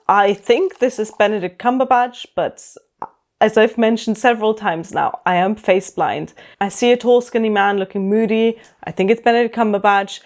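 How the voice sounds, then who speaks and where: A woman's voice: mid-range voice, darkish tone. A woman book vlogger giving casual review commentary with a wry, dry humour, recorded on a camera-mounted mic. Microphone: camera-mounted shotgun mic.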